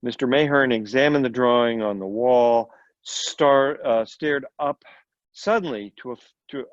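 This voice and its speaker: A man's voice: mid-range voice, dry recording. A man, a volunteer reader, reading a short story aloud with occasional slips and brief asides. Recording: dull lo-fi recording.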